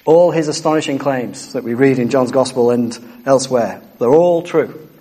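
A man's voice: medium pitch, normal speed, dark tone, breathy edge. A man preaching a sermon, earnest and emphatic, repeating key phrases.

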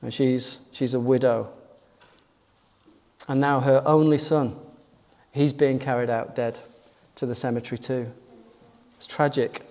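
A man's voice: medium pitch, fairly even intonation, measured pace, long pauses, darkish tone. A man preaching a sermon, retelling a passage in an earnest storytelling manner with rhetorical questions. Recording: long hall reverb.

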